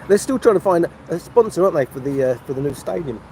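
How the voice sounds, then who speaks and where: Livestreaming by phone from a motorway service station café, an older North London man talks fast in a slightly high, a little mellow voice with lively intonation. The recording is rough with slight background noise, and his chatty, meandering talk keeps restarting mid-sentence.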